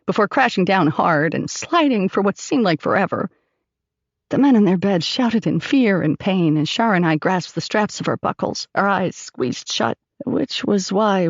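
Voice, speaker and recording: A woman narrating an audiobook in first person, expressive and storytelling. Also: on the low side, no room sound, dull audio.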